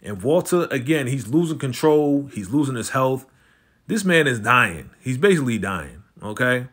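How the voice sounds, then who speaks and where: A man casually recapping a TV episode, animated and slangy, jumping into the characters' lines as he retells scenes. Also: mid-range voice, normal speed, breathy edge. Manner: slangy, conversational, lots of "you know" and "right?". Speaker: TV recap host.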